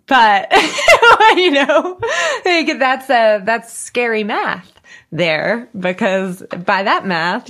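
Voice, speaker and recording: A woman's voice: on the low side, a bit bright. A woman co-hosting a casual podcast with her brother, chatty and laughing often. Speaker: podcast co-host. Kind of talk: casual chat.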